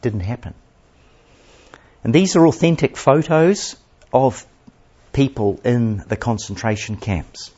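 Husky male preacher telling a story. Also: medium pitch, animated, slow, pauses often, lo-fi sound. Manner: dramatic storytelling, shifting between loud and hushed. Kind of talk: sermon.

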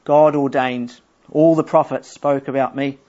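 A middle-aged man preaching a sermon, explaining scripture earnestly and reading verses aloud slowly. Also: medium pitch, steady tone, dark tone. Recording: dull lo-fi church recording.

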